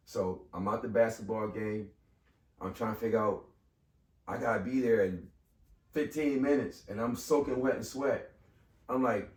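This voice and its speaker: A man's voice: fairly low pitch, normal speed, long pauses. A man in his fifties, a podcast guest, telling a personal story in casual conversation and acting out the voices of people in it. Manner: animated, acts out quoted voices. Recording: echoey room, mic far off.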